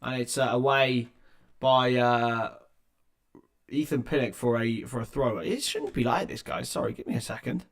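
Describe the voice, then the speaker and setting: A man's voice: medium pitch, big pitch swings, normal speed, creaky. A young man hosting a livestream, giving running football play-by-play with chatty asides to viewers on a laptop's built-in microphone. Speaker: livestream watchalong host. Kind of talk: live football play-by-play commentary.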